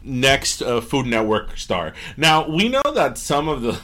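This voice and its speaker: Man, podcast co-host, playful and teasing, pitch moving a lot. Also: sing-song, a little slow, fairly bright tone. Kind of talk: casual podcast chat.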